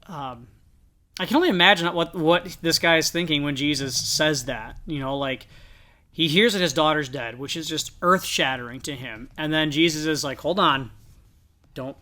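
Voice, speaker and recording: A man's voice: fairly high pitch, pushed and bright. A man co-hosting a podcast, earnestly reflecting in a casual Bible discussion. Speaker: podcast co-host.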